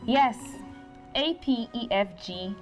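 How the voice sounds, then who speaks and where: An actress with a Nigerian accent playing a charity founder speaking earnestly in an interview. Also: female voice, a little high, lively intonation, soft background music. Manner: earnest, measured.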